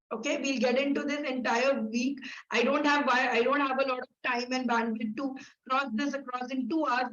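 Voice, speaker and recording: A workshop instructor, a woman, teaching in a brisk, instructive way and ticking through lists of points. Her voice sits high. The sound is echoey and a bit dull and lo-fi. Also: a bit bright. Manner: brisk, instructive, repeats key words in lists.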